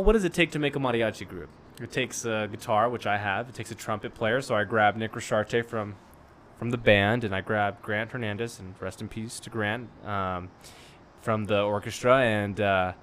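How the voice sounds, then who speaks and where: A man's voice: on the low side, moderate pace, fairly bright tone, slight background noise. A young man as a guest in a casual chat, rambling through stories with restarts. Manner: rambling storyteller with frequent restarts and laughs.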